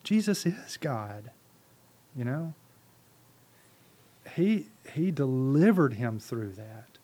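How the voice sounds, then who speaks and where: His delivery is slow and mellow, with big swings around a medium pitch. He is a ministry leader guesting on a podcast, preaching fervently but conversationally through rhetorical questions and repetition.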